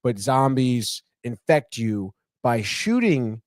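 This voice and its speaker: A man's voice: mid-range voice, sing-song, takes it slowly, no echo, clean studio sound. A man co-hosting a podcast, retelling a TV episode in a loose, profane way and saying "dude" and "whatever" a lot. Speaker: podcast co-host. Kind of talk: casual chat, retelling a TV episode.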